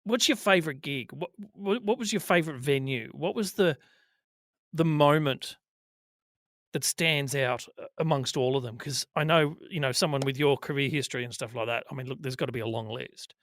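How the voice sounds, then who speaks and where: A man's voice: mid-range voice, normal speed, fairly bright tone, no echo, clean studio sound. A man co-hosting a podcast, asking a guest questions in a rambling way, restarting as he phrases them. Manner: rambling, repeats while phrasing. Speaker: podcast co-host. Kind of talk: interview questions.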